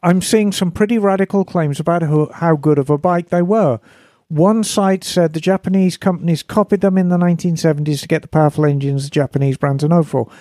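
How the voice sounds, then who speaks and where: A woman's voice: lowish voice, brisk, mellow, no room sound, clean studio sound. A woman co-hosting a casual podcast chat, wry and chatty as she reads out listener letters. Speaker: podcast co-host.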